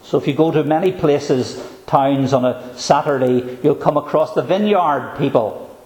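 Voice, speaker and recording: A man's voice: fairly high pitch, a little mellow. Emphatic male preacher in an echoey room. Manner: earnest, emphatic, repeats key phrases slowly. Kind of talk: sermon.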